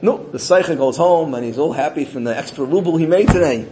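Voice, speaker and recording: A man's voice: on the high side, quick pace. A man leads a Torah class in a slightly raised voice. He tells his story with animation and drops Hebrew and Yiddish words into plain talk. Faint noise and clicks sit behind him. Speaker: Torah teacher.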